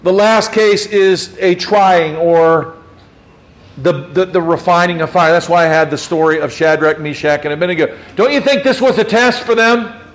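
A man's voice: sits high, moderate pace. A man preaching a conversational sermon to his congregation, asking rhetorical questions and often restarting his sentences. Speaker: pastor.

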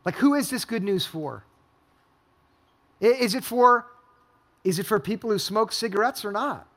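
A man's voice: high voice, expressive, normal speed, fairly bright tone. A male pastor preaching a sermon, telling stories and asking a string of rhetorical questions to a congregation in a church hall. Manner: storytelling, asks repeated rhetorical questions.

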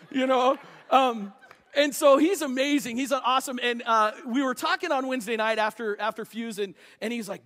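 A male pastor preaching a sermon to his congregation, animated and joking, with quick restarts. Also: very high voice. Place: church sanctuary. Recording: long church hall reverb.

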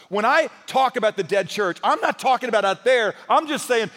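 A man with a fairly high voice preaches in a large church, his words ringing through a long hall reverb. He talks to the crowd like a friend, telling stories with humor, then pushes his points home with rising force. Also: lively intonation, a little fast, few pauses, a bit bright. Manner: conversational, storytelling with humor, rises to emphatic. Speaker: pastor. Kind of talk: sermon.

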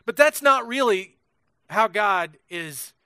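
A man's voice: sits high, animated, takes it slowly, bright, forceful tone, clear, resonant tone, no room sound, studio quality. A middle-aged man preaching a sermon, conversational and storytelling, asking the congregation questions and acting out quotes. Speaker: pastor.

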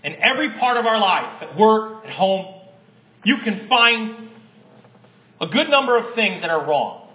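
A man's voice: high voice, big pitch swings, measured pace, pauses often, roomy sound, muffled recording. A man preaching a sermon with energy, reading stories aloud and building to emphatic peaks. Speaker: pastor.

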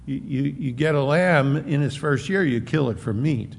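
A man preaching a sermon, emphatic and conversational, slowing down to stress points. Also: medium pitch, creaky, husky. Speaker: pastor. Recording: long hall reverb, faint noise.

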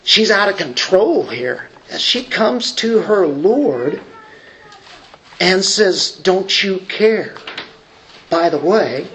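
A man's voice: high voice, very animated, a bit bright, a little hiss or hum, poor audio. A man preaching a sermon in a conversational way, stretching out key words for emphasis and trailing off into asides. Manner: conversational, drawn-out emphatic phrasing; frequent fillers and restarts.

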